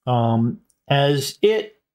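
Slow, halting male game master. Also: medium pitch, very animated, a little mellow, clean tone. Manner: halting, full of ums and restarts. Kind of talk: narrating a tabletop game live. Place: live convention stage.

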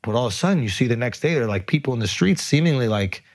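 A man's voice: medium pitch, lively intonation, quick pace. A man talking earnestly and emphatically in a casual podcast conversation, swearing freely. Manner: emphatic, earnest, frequent profanity. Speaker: podcast guest. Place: podcast studio.

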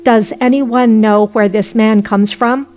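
A woman's voice: a little high, fairly even intonation, measured pace, darkish tone, soft background music, natural voice. A woman voicing a group of whining, cowardly innkeepers in a folk tale.

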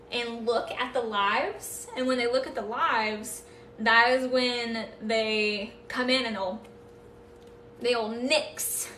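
A woman's voice: on the high side, pushed and bright, far from the mic, slight background noise. A woman hosting a casual live stream, chatting with viewers and thanking them, with playful nervous laughs. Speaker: livestream host. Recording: echoey room, voice off-mic.

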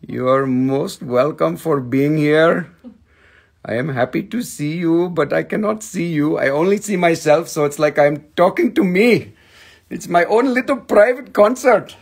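A man rambles playfully through a casual live stream from home, cracking jokes as he goes. His voice sits high and carries a gravelly, husky edge, and he takes his time, speaking slowly. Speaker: live-stream host selling stones.

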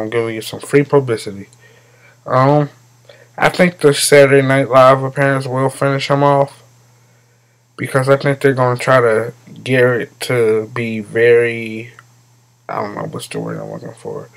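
A man's voice: mid-range voice, low-quality recording. Blunt mocking male host. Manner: blunt, mocking, swears freely. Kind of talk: comedic commentary monologue.

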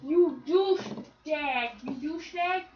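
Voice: sits high, takes it slowly. A young let's play host cracking crude jokes and giggling through casual banter with a friend. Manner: crude, giggly, swears often. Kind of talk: casual joking banter over gameplay. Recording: dull lo-fi recording with faint hiss.

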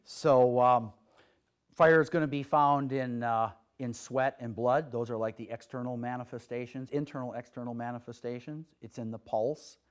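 A young adult man, an herbalist, lecturing a class in a casual, rambling way with many fillers and bursts of playful, high-pitched voices. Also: moderate pace. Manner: animated, acts out giddy voices with high squeals.

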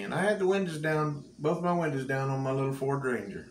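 A man's voice: a little high, quick pace. A man, a cowboy church preacher telling a folksy testimony with frequent laughs. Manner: folksy storyteller, laughs often. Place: church room. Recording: echoey room with faint hum.

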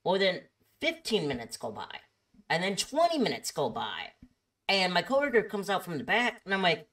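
A woman's voice: lowish voice, wildly swooping pitch, normal speed, a bit bright, recorded from a distance. A woman vlogger telling a story in a chatty way, often checking in with "okay?". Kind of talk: storytime monologue.

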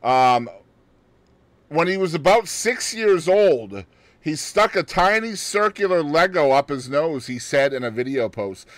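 Lively, high-voiced male podcast host. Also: a little slow, no echo. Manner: animated storyteller who laughs and adds joking asides. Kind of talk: casual podcast chat, reading out a news story.

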